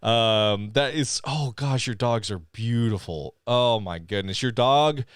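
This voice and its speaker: A man co-hosting a live podcast in casual chat, animated and laughing often as he reads listener comments aloud. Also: mid-range voice, slow pace, clear, resonant tone, no echo, clean studio sound. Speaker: podcast co-host.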